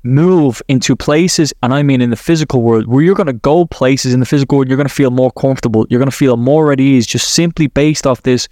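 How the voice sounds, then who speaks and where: A man's voice: mid-range voice, a little fast, hardly any pauses, a little mellow, no room sound, studio quality. A man hosting a podcast who talks listeners through a visualization exercise, rambling and correcting himself as he goes. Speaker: podcast host, NLP coach. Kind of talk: guided visualization talk.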